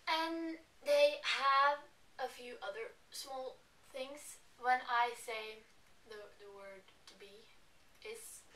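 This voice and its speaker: A Norwegian woman with a Norwegian accent, giving a casual language lesson and slowly repeating example words. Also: on the high side, bright, forceful tone, far from the mic. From Norway. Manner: chatty, explains words by repeating them slowly. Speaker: language teacher. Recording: echoey room, voice a bit off-mic.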